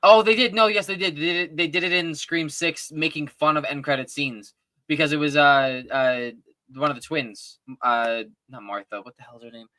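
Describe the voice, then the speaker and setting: Man, excitable fan chat, rambling with restarts, bright tense voice, dry close sound. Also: a little high, normal speed, dry recording. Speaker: podcast co-host. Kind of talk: casual fan discussion.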